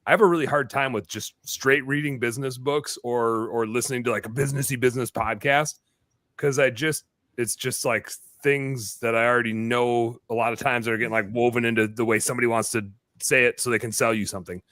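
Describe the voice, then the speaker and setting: A man hosting a live podcast in casual chat, rambling and excitable, dropping the odd swear word. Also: medium pitch, fairly quick, no echo, studio quality. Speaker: podcast host.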